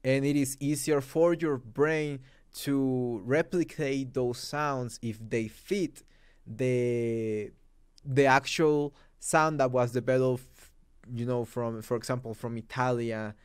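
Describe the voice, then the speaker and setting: A man's voice: mid-range voice, fairly even intonation, takes it slowly, clean tone, dry recording, clean studio sound. Mexican man, emphatic talker. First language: Spanish. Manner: emphatic, conversational, with many asides. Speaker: host. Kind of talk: opinion commentary.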